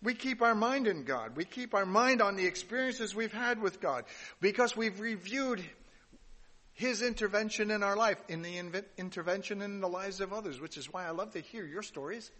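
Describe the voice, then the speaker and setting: A man's voice: sits high, pushed and bright. Man preaching in a reverberant hall. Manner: reads scripture aloud with pauses, asides and restarts. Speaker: pastor. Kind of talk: sermon.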